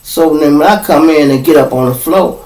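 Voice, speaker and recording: A man's voice: a little high, normal speed. A man with a Chicago accent hosting a podcast, telling a profane street story and talking straight to his listeners. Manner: profane, animated, addresses listeners as y'all. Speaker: podcast host. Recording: echoey room, distant mic.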